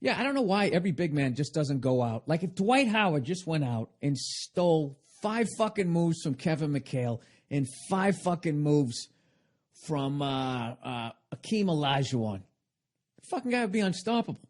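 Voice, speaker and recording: Profane ranting man, slightly high voice. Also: sing-song, moderate pace. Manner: profane, rambling rant with constant swearing; sarcastic, self-mocking. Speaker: podcast host. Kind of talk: comedic rambling monologue.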